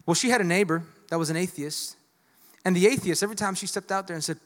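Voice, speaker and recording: A pastor with a high-pitched voice preaches quickly and emphatically to a church congregation, drawing responses from the crowd. The sermon echoes with long hall reverb in the sanctuary.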